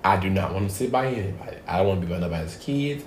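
A man hosting a casual podcast, telling a profane story with animated swings between loud bits and hushed asides. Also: deep voice, very fast, a little hiss or hum. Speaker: podcast host. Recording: echoey room.

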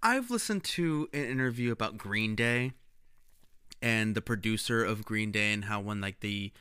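Thirties guy joking around on a podcast, bright voice, dead dry sound. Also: on the low side, moderate pace, smooth, dry recording. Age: 30s. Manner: joking, animated. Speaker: podcast co-host. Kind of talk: casual chat.

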